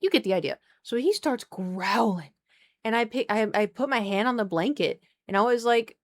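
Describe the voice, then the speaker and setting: A young woman talks into a desk microphone at home during a live stream. She tells a story in a chatty, animated way, with quick asides. Now and then she breaks off to talk to her cat. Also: medium pitch. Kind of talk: casual storytelling to live chat.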